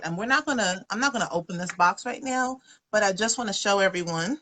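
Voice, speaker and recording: A woman's voice: mid-range voice, brisk, sharp tone. A woman giving a casual, folksy livestream presentation on her webcam, chatty and full of fillers. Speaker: wellness presenter.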